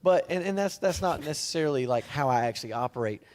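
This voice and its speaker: A man's voice: fairly high pitch, expressive, fast, darkish tone. A man speaking earnestly and bluntly in a church round-table discussion. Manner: earnest and blunt, with filler ums. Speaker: church member on a panel.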